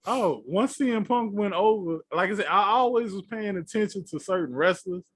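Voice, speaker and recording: A man co-hosting a podcast in casual chat, telling stories in an animated way and acting out his own reactions. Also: high voice, moderate pace, slightly rough, no room sound. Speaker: podcast co-host.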